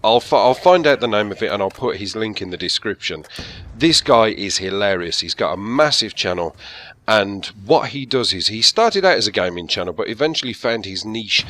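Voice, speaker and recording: Brummie man, bright forceful voice. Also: on the low side, lively intonation, moderate pace. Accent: Birmingham (Brummie). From England. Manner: candid, rambling, chuckling. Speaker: YouTube gaming commentator. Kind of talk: casual Q&A chat. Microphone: gaming headset.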